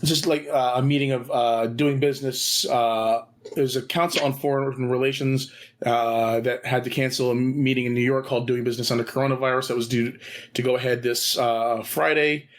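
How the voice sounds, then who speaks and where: Halting man reading podcast news. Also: mid-range voice, flat delivery. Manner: halting, heavy on fillers.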